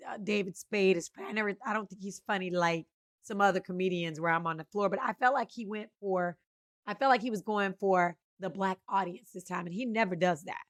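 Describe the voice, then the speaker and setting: A woman co-hosting a casual gossip podcast, animated and blunt, and never shy with an opinion. Her voice sits at an ordinary middle pitch. The sound is close and dry, with no room around it. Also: a little fast, no room sound. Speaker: podcast co-host.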